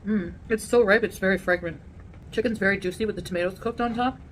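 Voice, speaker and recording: A woman vlogger chatting casually to her viewers while eating a meal, rambling and pausing to chew. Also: mid-range voice, noisy background. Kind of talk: casual eating vlog chat.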